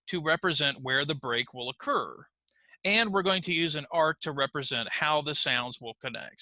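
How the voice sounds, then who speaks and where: Bright-voiced man teaching pronunciation. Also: a little high, no room sound, poor audio. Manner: slow, clear modeling of words for learners to repeat. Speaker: ESL teacher. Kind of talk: online pronunciation lesson. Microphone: computer mic on a screen recording.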